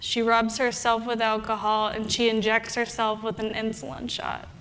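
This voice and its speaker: A young adult woman, a health coach, telling a story in a talk and acting out her own inner thoughts with animated delivery. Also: on the high side, moderate pace, slight background noise.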